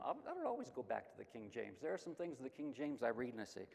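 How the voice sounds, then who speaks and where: A man's voice: medium pitch, fast, creaky, few pauses, slight background noise. Emphatic man teaching Sunday school. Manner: lively, emphatic, asks and answers his own questions. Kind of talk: Bible lesson. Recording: long hall reverb.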